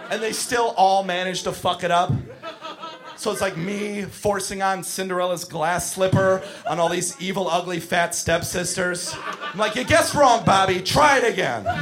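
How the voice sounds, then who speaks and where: A man doing stand-up comedy, telling stories with animated, shouted acted-out bits. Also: high voice, moderate pace, over music. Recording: live show with audience laughing. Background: crowd laughter.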